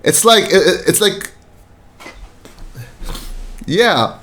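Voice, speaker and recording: A man's voice: high voice, animated, drawn-out words, pushed and bright. A man co-hosting a casual film review podcast, rambling with many fillers and restarts and acting out quoted lines. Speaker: podcast co-host.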